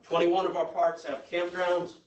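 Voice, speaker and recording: A man's voice: sits high, little pitch movement, moderate pace, recorded from a distance, lo-fi sound. Folksy man presenting in an echoey room. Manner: folksy, joking, checks in with the audience. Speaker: state parks presenter. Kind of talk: jokey orientation presentation. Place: conference room with audience.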